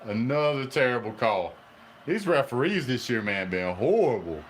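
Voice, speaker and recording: A man, reacting live to a football game as a fan channel host, chatty and excitable with a drawl. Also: mid-range voice, normal speed, slight background noise.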